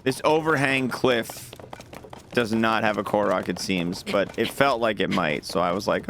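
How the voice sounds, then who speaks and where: A man's voice: fairly low pitch, a little slow, fairly bright tone, slight background noise. A young man streaming a game, chatting casually and reading out messages from his chat in an upbeat, jokey way. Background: game music.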